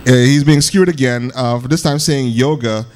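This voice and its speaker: A man's voice: medium pitch, normal speed, slight background noise. Sarcastic man co-hosting a radio show. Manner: laughing, mocking, reads quotes aloud sarcastically. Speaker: co-host. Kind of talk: casual podcast banter.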